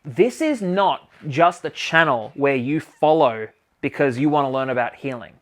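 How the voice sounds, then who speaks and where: A man talking casually to camera as a healing coach, animated and emphatic, swearing freely as he talks. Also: a little high, moderate pace. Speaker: healing coach and channel host. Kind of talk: casual self-help monologue to camera.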